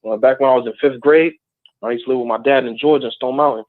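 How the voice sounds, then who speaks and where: A man from New Jersey calling in to tell a personal story in a casual, halting way. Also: medium pitch, fairly even intonation, dry recording. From Plainfield, New Jersey, USA. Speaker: caller. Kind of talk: call-in storytelling. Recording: tinny phone line, dry.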